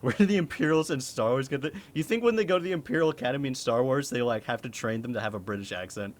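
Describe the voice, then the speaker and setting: A man's voice: mid-range voice, quick pace. A young man streaming a game, talking casually, laughing and swearing often. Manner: animated, swears, laughs a lot. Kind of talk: casual gameplay commentary.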